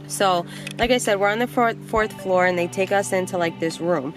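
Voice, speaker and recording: A young adult woman vlogger telling a personal story in a casual, animated way, blunt and quick to swear. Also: mid-range voice, music in the background.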